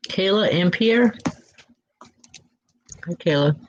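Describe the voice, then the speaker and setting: Gentle reassuring woman medium, lo-fi. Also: fairly low pitch, animated, takes it slowly, slight background noise. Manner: gentle, reassuring, speaks straight to listeners by name. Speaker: psychic medium. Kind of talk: live spirit readings and announcements. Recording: dull lo-fi recording.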